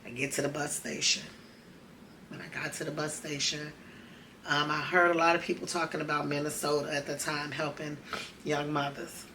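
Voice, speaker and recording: A woman's voice: low-pitched, bright, forceful tone, slight background noise. A woman, host of a podcast, telling a personal story in a conversational, emotional way and acting out the dialogue. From Chicago.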